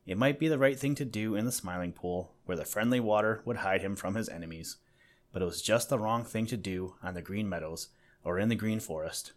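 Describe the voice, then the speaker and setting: A man narrates a children's animal storybook in a lowish voice. He reads gently and now and then turns aside to address the listener directly. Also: fairly quick.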